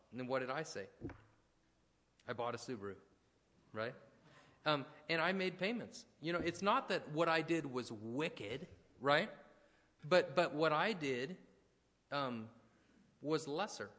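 A man's voice: fairly high pitch, lively intonation, unhurried, pauses often, fairly bright tone. A man preaching a sermon, talking conversationally and telling personal stories with asides and restarts. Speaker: pastor. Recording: long hall reverb.

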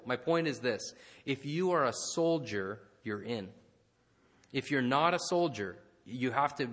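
A man preaching a sermon, chatty and full of "right?" asides. His voice is bright and forceful, with long reverb from a large hall. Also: mid-range voice. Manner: conversational, many asides and "right?" tags. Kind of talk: sermon with storytelling.

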